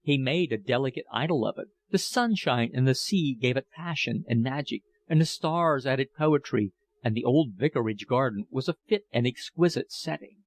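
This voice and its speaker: A man narrating a novel as an audiobook in a measured, expressive reading. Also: mid-range voice.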